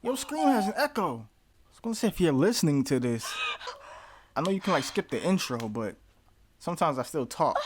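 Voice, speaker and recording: A man's voice: on the high side, slight background noise. A man hosting a movie reaction who jokes and talks back to the screen, now and then breaking into mock screams. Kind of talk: casual chat over a movie.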